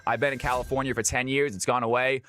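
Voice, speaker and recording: A man's voice: medium pitch, flat delivery, fast, sharp tone, a little hiss or hum. A man from Georgia in the US, hosting a live stream and calling custom games with a hyped announcer delivery. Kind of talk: live game commentary.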